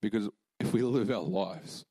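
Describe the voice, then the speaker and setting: Earnest young man preaching, low voice. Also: moderate pace, warm tone, breathy edge, no room sound. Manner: casual, lots of fillers, emotional and earnest. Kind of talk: sermon storytelling.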